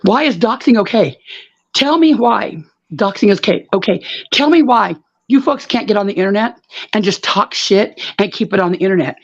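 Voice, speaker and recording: A woman's voice: mid-range voice, animated, moderate pace, highs cut off. A woman ranting bluntly on a live online panel, cursing and repeating herself for emphasis. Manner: blunt, profane, repetitive. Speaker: panel guest. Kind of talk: heated live panel rant.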